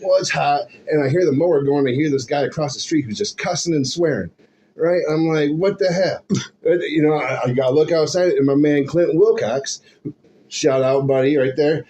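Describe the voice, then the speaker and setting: A middle-aged man telling stories from his life in a casual interview, animated and laughing often, acting out the voices of people he quotes. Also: on the high side, moderate pace. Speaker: musician guest. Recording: slightly dull, faint hum.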